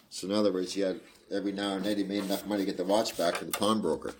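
A man reading a classic detective story aloud and dropping relaxed, folksy asides. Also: low-pitched, very fast, few pauses, breathy edge. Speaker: reader. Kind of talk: casual audiobook commentary.

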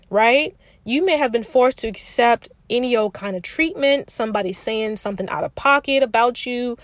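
Frank confiding woman, bright voice. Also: on the high side, no room sound. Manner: frank, confiding, addresses listener as sis; reflective, thinks aloud with restarts. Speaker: podcast host. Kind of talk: candid self-help podcast monologue.

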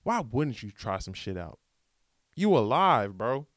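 A man's voice: on the low side, moderate pace, no echo, studio quality. A man hosting a podcast, giving a casual, rambling motivational monologue in slangy American speech. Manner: animated, rambling, slangy pep talk. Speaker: podcast host.

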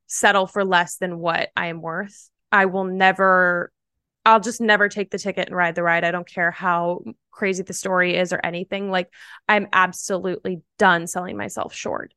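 A young adult woman, a podcast guest, telling a personal story in a chatty, animated way with lots of "like" fillers. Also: on the low side, normal speed, clean tone, no room sound, clean studio sound. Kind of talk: casual storytelling.

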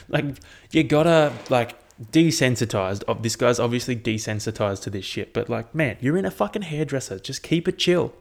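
A man's voice: medium pitch, lively intonation, brisk, creaky. A young man, rambling through casual, profane chat as a podcast host. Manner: rambling and profane, with frequent ums.

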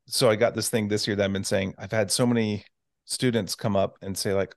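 A man who teaches, hosting a casual radio chat, halting and repeating words as he talks. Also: on the low side, flat delivery, no room sound, studio quality.

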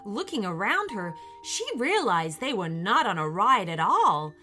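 A woman narrating a children's story with an expressive, animated reading. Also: mid-range voice, unhurried, faint music behind.

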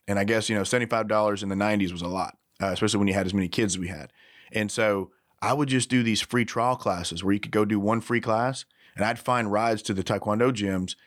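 Man, Southern accent, low voice, dry close mic, casual rambling podcast storyteller, swears a lot. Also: steady tone, fast, no echo. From Louisiana. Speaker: podcast co-host.

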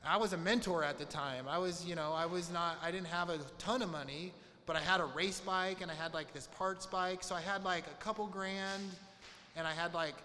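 A man's voice: high voice, sharp tone. A man candidly telling a personal recovery story to a group, with frank, profane speech and lots of quoted dialogue. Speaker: speaker sharing a recovery story. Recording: long hall reverb, faint noise.

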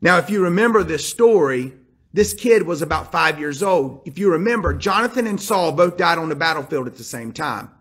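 A man's voice: fairly high pitch, expressive, a little fast, a bit bright, husky. A male pastor preaching a sermon, retelling a scripture story with emphatic, direct appeals to his listeners.

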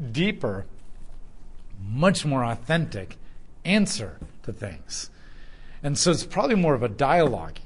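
Animated man teaching a Bible passage. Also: on the high side. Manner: conversational, acts out dialogue with filler "like".

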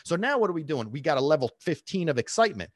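A man's voice: on the high side, big pitch swings, fast, no echo. A man who works as a dog trainer, explaining casually and emphatically, throwing in rhetorical questions and checking in with "okay?" and "right?". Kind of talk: casual instructional talk.

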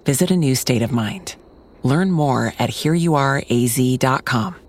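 A man reading a scripted travel advertisement in a smooth, measured way. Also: medium pitch. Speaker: ad narrator.

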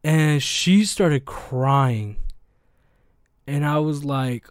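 A man's voice: a little high, drawn-out words, no echo, clean studio sound. A young man hosting a podcast, telling stories in a slangy, profane, rambling way with lots of fillers. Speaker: podcast host. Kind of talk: casual podcast chat, storytelling.

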